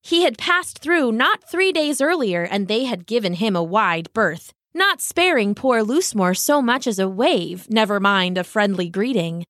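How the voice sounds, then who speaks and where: A woman narrating a storybook tale in a gentle, expressive way. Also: mid-range voice, measured pace, hardly any pauses, no room sound, clean studio sound.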